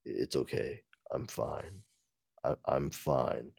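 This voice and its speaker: A man voicing a brooding, self-absorbed male caped crusader in a low, hushed delivery. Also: animated, slow pace, gravelly, breathy edge, no room sound, heavily acted.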